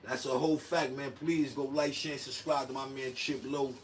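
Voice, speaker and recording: This man hosts a casual livestream, talking at a moderate pace in a medium-pitched voice with fairly even intonation. He wanders through loose, slangy commentary and performs quoted asides, heard through a distant mic with faint room noise.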